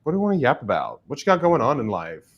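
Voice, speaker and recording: A man's voice: medium pitch, wildly swooping pitch, fast talker, muffled recording. Giggly chatty man hosting a stream. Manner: chatty, giggly, laughs often. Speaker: livestream host and writer. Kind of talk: casual livestream chat.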